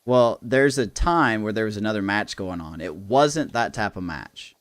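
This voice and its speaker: A man hosting a livestream, chatting casually and telling a story in an animated way with lots of laughs. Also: fairly low pitch, normal speed, no echo, clean studio sound. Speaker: livestream host. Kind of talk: casual chat on a gaming stream.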